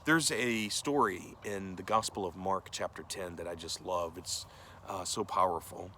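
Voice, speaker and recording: A man's voice: low voice, unhurried, bright, forceful tone, a little hiss or hum. A male pastor giving a conversational sermon, earnest and direct, often asking the listeners questions.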